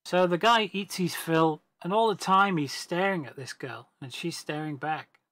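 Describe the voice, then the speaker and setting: A man's voice: fairly high pitch, normal speed, fairly bright tone. A man on a gaming voice chat, telling a long joke casually and rambling, with restarts and self-corrections. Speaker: gamer on a team voice chat.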